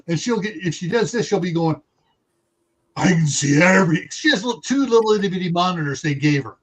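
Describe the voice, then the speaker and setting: High-voiced chatty male host. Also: expressive, fast. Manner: chatty, laughs often, reads out viewer comments. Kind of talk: casual livestream chat.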